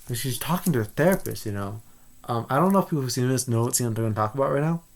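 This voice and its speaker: A man giving a casual spoiler review of a movie, rambling and excitable with many restarts. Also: medium pitch, rapid-fire, creaky.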